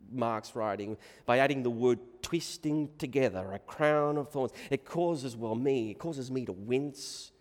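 A man preaching a sermon, moving between hushed reflection and loud, emphatic proclamation. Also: medium pitch. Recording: long reverb of a large hall.

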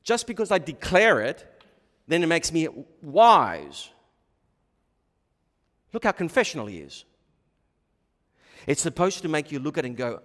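A middle-aged man preaching a sermon as pastor, shifting between quiet asides and emphatic points. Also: on the high side, big pitch swings, a little slow, long pauses. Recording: long hall reverb.

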